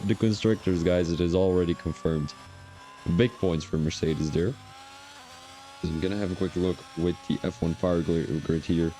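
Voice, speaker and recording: A man with a low, mellow voice calls a sim racing qualifying session in casual live-stream style. He chats loosely and wanders off into personal asides between updates on lap times. A faint hiss sits behind him. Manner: chatty, drifts into rambling personal asides. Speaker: sim racing league commentator.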